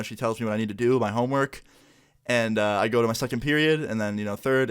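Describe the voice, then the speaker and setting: A young man casually telling a school story to his viewers, acting out the dialogue as he goes, with lots of "like" and relaxed asides. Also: medium pitch, clear, resonant tone. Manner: relaxed, chatty, heavy use of "like"; acts out dialogue with quotes. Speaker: vlogger.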